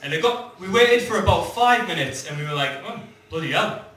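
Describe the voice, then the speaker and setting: A man's voice: sits high, lively intonation, a little fast, a bit bright. A young man from England doing a swearing, brash stand-up comedy set and acting out quoted lines. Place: comedy club stage before a live audience. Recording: very echoey live room from a distance.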